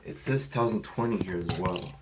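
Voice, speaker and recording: A man's voice: sits low, fairly quick, noisy background. A man filming on his phone and commenting casually in a hurry, muttering to himself. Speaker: toilet video maker. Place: indoor bathroom. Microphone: phone held in hand.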